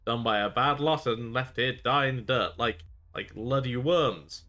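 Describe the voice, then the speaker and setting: A man reading game dialogue aloud in character, voicing a shifty, boastful male space pirate marooned on a planet, with a gruff, wheedling, folksy way of talking. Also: medium pitch, normal speed, bright, forceful tone, faint music behind, lightly acted. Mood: aggrieved.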